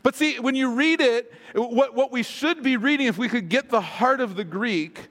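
A man's voice: very high-pitched, normal speed, a bit bright. A man preaching a sermon as pastor, casual and self-deprecating, with humorous asides. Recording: long hall reverb.

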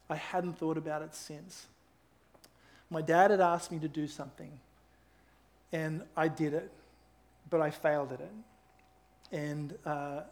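Man, middle-aged, pastor, conversational sermon, earnest, emphatic, slightly raised pitch. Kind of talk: sermon with personal stories.

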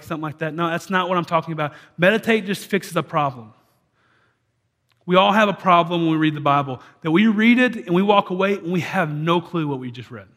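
A man's voice: a little high, fairly bright tone. A man preaching a sermon as a church pastor, talking in a conversational way with frequent restarts.

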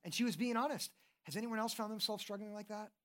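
This sermon comes at a quick pace from a preacher whose medium-pitched voice is a bit bright. Earnest and conversational, he asks his listeners questions and often begins a thought by repeating "and, and."

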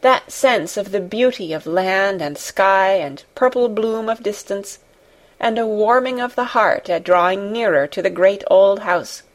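A woman reading a classic novel aloud as an audiobook, in a measured, gently expressive narration. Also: mid-range voice. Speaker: audiobook reader. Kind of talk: scripted narration.

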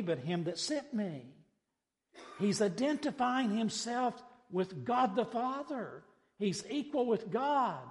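A pastor preaching a sermon, swinging between quiet conversational asides and loud, emphatic cries. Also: male voice, high-pitched, long reverb tail.

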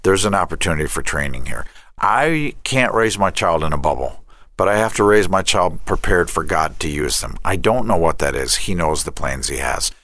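A middle-aged man, a family ministry director and counselor, talks about faith and parenting in an interview, telling lively stories and acting out the dialogue. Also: sits low, moderate pace, no room sound. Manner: animated storyteller who acts out quoted dialogue.

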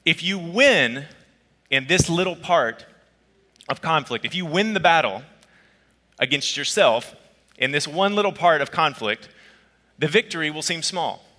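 A man preaching a sermon as a pastor, telling a personal story in a conversational, lively way. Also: a little high, measured pace, pauses often, in a large hall. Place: church auditorium.

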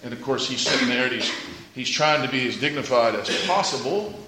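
A man preaching a sermon as pastor, moving from quiet storytelling to loud shouted exclamations. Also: medium pitch, animated, brisk. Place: church sanctuary. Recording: echoey church room.

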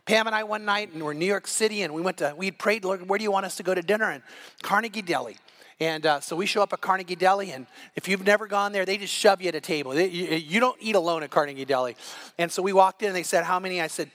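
High-pitched, bright-voiced male pastor. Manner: storytelling with quoted dialogue, frequent restarts. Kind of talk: sermon.

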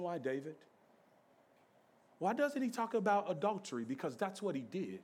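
High-voiced man preaching with passion. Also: very animated, normal speed, pauses often, husky. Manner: passionate preaching, swings from hushed to shouting; repetitive rhythmic call-and-response phrasing. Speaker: pastor. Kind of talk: sermon.

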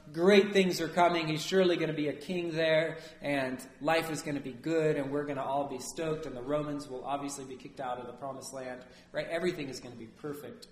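A man preaching a sermon as a priest, lively and conversational, often asking his listeners "right?". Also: a little high, reverberant, slight background noise.

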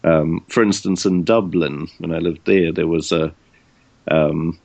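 Deep-voiced New Zealand man. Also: steady tone, unhurried, gravelly, a little mellow. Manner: thoughtful, hesitant with many ums. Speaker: interviewee. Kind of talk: casual conversation.

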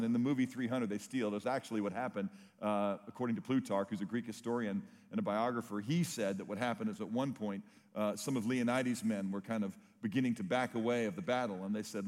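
Emphatic preacher in a big hall. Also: male voice, mid-range voice, a little fast. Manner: emphatic, storytelling preacher with rising intensity. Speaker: pastor. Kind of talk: sermon.

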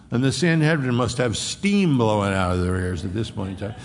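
A man preaching a sermon, animated and emphatic, often repeating phrases to drive a point home. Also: medium pitch, a little fast, creaky, hardly any pauses. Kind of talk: expository sermon. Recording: long reverb of a large hall.

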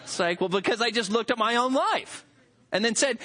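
A male pastor preaching a sermon, reading scripture and explaining it in an animated, conversational way with rhetorical asides. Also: high-pitched, brisk.

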